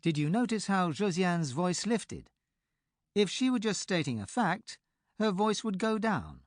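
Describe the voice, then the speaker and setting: Lively man tutoring, dry studio. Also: high-pitched, unhurried, no echo. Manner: clear, explanatory. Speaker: language tutor. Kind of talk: scripted audiobook instruction.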